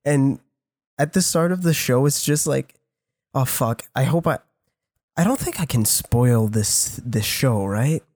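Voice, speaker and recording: A man's voice: medium pitch, expressive, unhurried, darkish tone, no room sound, clean studio sound. A young man telling a rambling, profane story in casual podcast chat. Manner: rambling, profane, laughs while telling stories. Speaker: podcast co-host.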